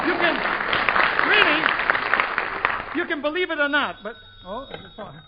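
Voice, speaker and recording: A man with a very high, bright-sounding voice rattles off gags in a 1940s radio comedy, bouncing from joke to joke. The sound is muffled and old, with a noisy studio audience laughing behind him. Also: sing-song, a little slow, long pauses, over a noisy crowd. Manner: bouncy, joke-punching delivery with frequent laughs.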